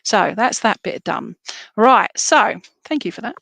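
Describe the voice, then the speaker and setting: A woman's voice: mid-range voice, expressive, a little slow, creaky, sharp tone, no room sound. A woman giving chatty, reassuring psychic readings on a live stream, full of fillers. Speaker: psychic reader.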